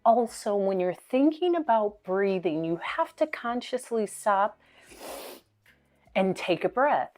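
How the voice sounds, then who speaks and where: A woman speaking coach gives motivational tips in a slow, unhurried delivery. She pauses often and repeats her key words, with faint music behind her. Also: medium pitch, lively intonation, darkish tone.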